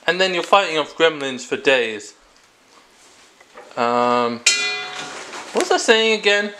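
A man hosting a comic product-review vlog, rambling with jokey asides and quick self-corrections. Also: a little high, very animated, noisy background.

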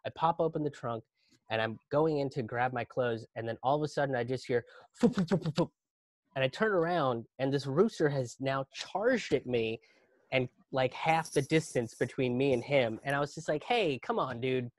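Animated, foul-mouthed male storyteller. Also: medium pitch, normal speed, no echo. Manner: animated, profane, exaggerated panic. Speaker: comedian and storyteller. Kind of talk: live virtual comedy storytelling.

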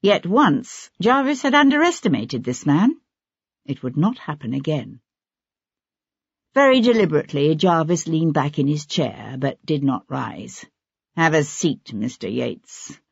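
Audiobook narrator, measured storytelling, husky voice, dull lo-fi recording. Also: mid-range voice, big pitch swings, no echo. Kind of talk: scripted narration.

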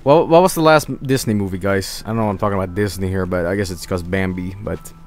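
A man's voice: low voice, quick pace, soft background music. Sleepy young man chatting over gameplay. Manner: rambling, drowsy, trailing off. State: sleepy, throat itchy from hay allergy. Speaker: streamer. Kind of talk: casual gameplay chat.

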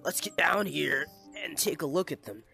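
A man's voice: a little high, normal speed, creaky, sharp tone, faint music behind. A young man giving casual, playful gameplay commentary, exclaiming at and scolding the little villagers in his game.

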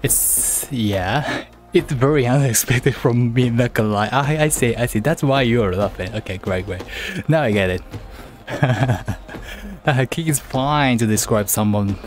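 Slow, halting male livestreamer. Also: mid-range voice. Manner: halting, repeats words; playful teasing. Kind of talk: casual livestream chat.

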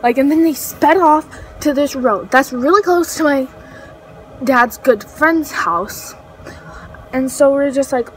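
A woman's voice: sits high, slow, a little hiss or hum, low-quality recording. A teenage girl telling a story in a casual vlog, rambling with lots of fillers and self-corrections. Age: teens. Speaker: vlogger.

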